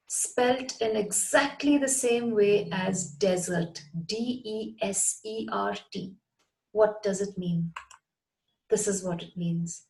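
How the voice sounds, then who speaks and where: A woman's voice: medium pitch, darkish tone, low-quality recording. A woman teaching a lesson, speaking carefully and spelling words out letter by letter. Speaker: English teacher. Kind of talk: scripted English lesson.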